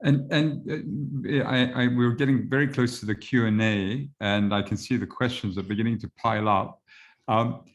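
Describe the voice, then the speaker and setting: A man's voice: mid-range voice, fairly even intonation, moderate pace, lo-fi sound. A man moderating a panel conversation, hesitant, with many fillers and restarts.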